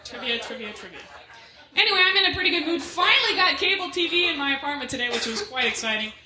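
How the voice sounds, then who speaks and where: A woman working as MC and stand-up comic, doing a club set and bantering with the crowd in quick asides. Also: very high-pitched. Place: comedy club stage with a live audience. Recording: echoey club room with loud noise.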